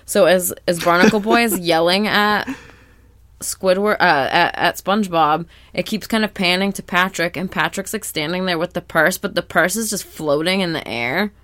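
Chatty female co-host, low pitch, dry close-miked recap talk. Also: normal speed, few pauses, a bit bright, dry recording. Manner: chatty, rambling with fillers. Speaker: podcast co-host. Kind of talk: casual episode recap chat.

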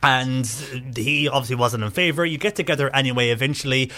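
A man's voice: medium pitch, fairly quick, sharp tone. A man hosting a local radio interview, asking long, friendly, rambling questions. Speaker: radio presenter.

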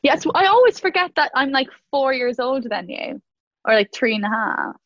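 A woman's voice: high voice, big pitch swings, moderate pace, no room sound, highs cut off. A young woman, chatting casually and laughing easily, with many "like" fillers as she co-hosts. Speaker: co-host. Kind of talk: casual chat.

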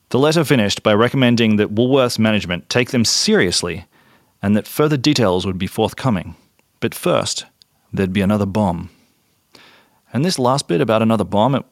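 Australian male podcast host, low voice, dry close mic, chatty narration with ums. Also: dry recording. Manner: conversational with fillers and restarts. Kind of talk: casual storytelling narration.

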